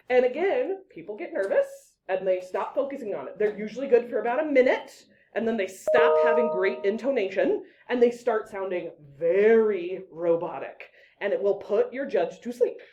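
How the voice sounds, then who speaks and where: Mellow-voiced woman teaching a class. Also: a little high. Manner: lively, chatty, breaks off to direct students. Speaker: debate and public speaking teacher. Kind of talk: casual classroom lesson.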